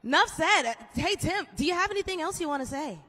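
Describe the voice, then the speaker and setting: Bright high-voiced woman interviewer. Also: expressive, a little fast. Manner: encouraging, upbeat questions. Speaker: trackside interviewer. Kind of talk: live interview. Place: large indoor arena.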